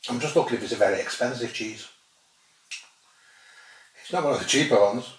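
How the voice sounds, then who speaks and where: A man's voice: mid-range voice, a little fast. A man with a dry sense of humour, chatting casually as he tastes and rates cheeses on his food vlog. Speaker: food vlogger tasting cheeses. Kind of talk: casual tasting commentary. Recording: roomy sound, distant from mic, faint noise.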